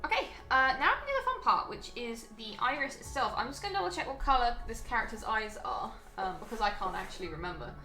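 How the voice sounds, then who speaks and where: A woman's voice: on the high side, big pitch swings, quick pace, few pauses, sharp tone, echoey room, soft background music. A woman chatting casually and thinking aloud as she walks viewers through a live painting stream. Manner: chatty, thinking aloud while working, frequent ums.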